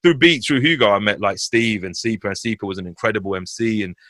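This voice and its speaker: Fast-talking man with a London accent. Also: on the low side, no room sound. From West London. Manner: animated slangy storytelling, swears freely. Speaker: podcast guest. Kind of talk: casual podcast chat.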